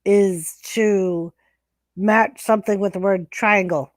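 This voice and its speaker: A woman's voice: mid-range voice, fairly even intonation, slow pace, no room sound, studio quality. A woman hosting a casual livestream chat, crude and teasing, laughing often. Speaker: livestream host.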